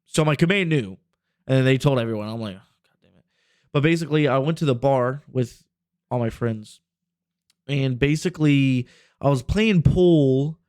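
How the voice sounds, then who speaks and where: A man's voice: mid-range voice, normal speed, darkish tone, clean tone, dry recording, studio quality. A man in his twenties telling a rambling, profane story on a casual podcast. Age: 20s. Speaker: podcast host.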